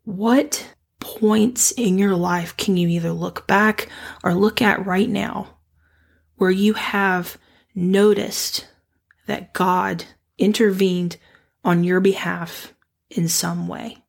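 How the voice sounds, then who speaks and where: A young woman hosting a devotional podcast, earnest and reflective, her voice slightly raspy and nasal as she recovers from the flu. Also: mid-range voice, steady tone, takes it slowly. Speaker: podcast host.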